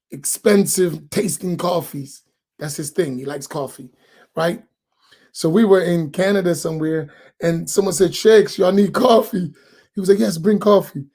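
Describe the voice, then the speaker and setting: Imam, male, chatty and animated storyteller, laughs a lot. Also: sits high. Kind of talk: casual talk after dawn prayer.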